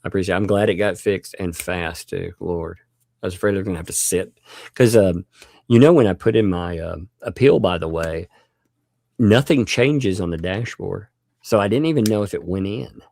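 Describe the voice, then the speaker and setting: A man's voice: low voice, normal speed, vocal fry, darkish tone, no room sound. A man hosting a livestream, chatting casually, thanking viewers and laughing often. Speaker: livestream host.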